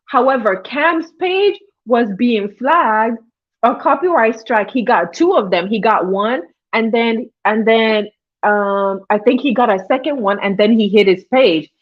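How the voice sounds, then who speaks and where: Female livestream host, casual chatty commentary, slightly high voice, dull lo-fi audio. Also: a little slow. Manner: chatty, greets chat viewers by name mid-story.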